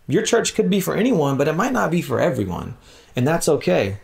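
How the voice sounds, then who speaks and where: Man, gravelly voice, leadership talk, sermon style, animated, acts out quotes. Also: on the high side, a little fast. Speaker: conference speaker on church leadership.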